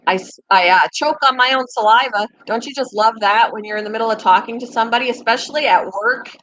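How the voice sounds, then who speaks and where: A woman's voice: on the high side, fast talker, a bit bright, rough recording. A middle-aged woman hosting her own channel, chatting casually with viewers, self-mocking and laughing often. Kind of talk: casual chat.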